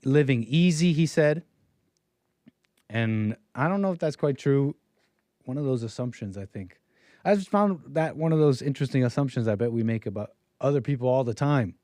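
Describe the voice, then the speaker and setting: A young man rambling through a wry story on his livestream, dropping into voices for the people he quotes. His voice sits at an ordinary middle pitch. The sound is close and dry, with no room around it. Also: darkish tone, dry recording. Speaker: livestream host. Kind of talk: casual storytelling monologue.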